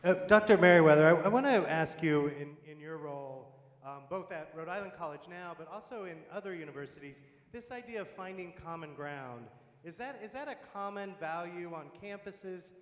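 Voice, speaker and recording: A man's voice: a little high, animated, a little fast. A man moderating a panel who asks inquisitive questions and makes light jokes. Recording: echoey hall with long reverb.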